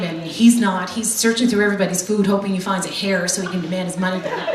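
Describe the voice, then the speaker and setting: A middle-aged woman telling a stand-up comedy story in a brash, swearing, punchy way, with audience laughter behind her. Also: fairly high pitch. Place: comedy club stage. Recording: roomy hall mic from far off, noisy.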